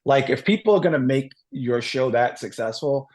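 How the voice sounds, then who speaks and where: Animated, profane middle-aged man. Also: medium pitch, moderate pace. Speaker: podcast guest. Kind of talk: casual chat.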